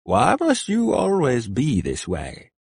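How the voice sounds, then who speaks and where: A man's voice: mid-range voice, huge pitch swings, takes it slowly, creaky, darkish tone, breathy edge, no echo, studio quality, voice pushed up, full character voice. A man voicing a weary old male adviser who speaks cautiously and pleads with a younger man.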